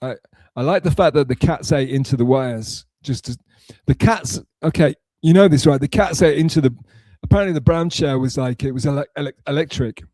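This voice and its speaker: Rambling sarcastic man with a mellow voice. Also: fairly high pitch, fairly quick, no echo. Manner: rambling, sarcastic, restarts and mumbles. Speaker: streamer reading chat. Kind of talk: casual live-stream chat.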